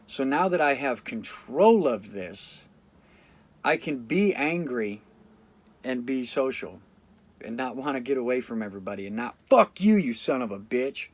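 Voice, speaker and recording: A tired man talks straight into the camera, blunt and reflective, swearing freely as he thinks aloud. His voice sits at an everyday middle pitch. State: fatigued after a sleep deprivation study. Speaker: vlogger. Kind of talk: casual talk to camera.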